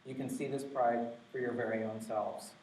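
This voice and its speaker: A male pastor preaching a sermon, stressing key words slowly and with emphasis. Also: mid-range voice, level tone, darkish tone, a little hiss or hum. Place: church sanctuary. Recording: echoey church from far off.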